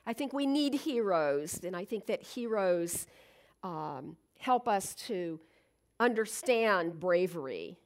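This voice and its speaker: A woman's voice: on the low side, lively intonation, takes it slowly. A middle-aged woman giving an earnest, reflective inspirational talk, with fillers and restarts. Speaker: speaker.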